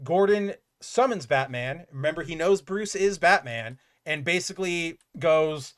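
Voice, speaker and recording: A man hosting a comic book podcast, recapping an issue in casual, animated chat, filling his talk with "like" and swearing freely. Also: on the high side, unhurried, hardly any pauses.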